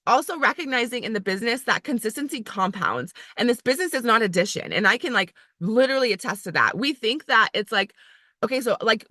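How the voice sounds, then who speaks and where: A woman who is an area manager, giving a chatty, emphatic motivational talk to her team, full of "like", and acting out inner voices in a higher pitch. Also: bright, forceful tone, no room sound, clean studio sound.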